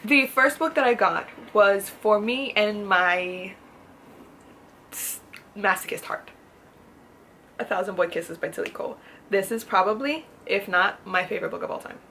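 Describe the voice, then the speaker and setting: A woman's voice: mid-range voice, unhurried, pauses often, pushed and bright, a little hiss or hum. A woman talking casually in a book haul vlog, gushing and chatty, repeating herself for emphasis. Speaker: book vlogger.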